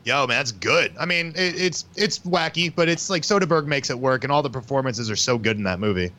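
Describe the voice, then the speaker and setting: A man talking about movies as a podcast guest, chatty and analytical. His bright, forceful voice swings lively in pitch. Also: brisk. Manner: chatty, analytical film talk. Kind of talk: casual chat.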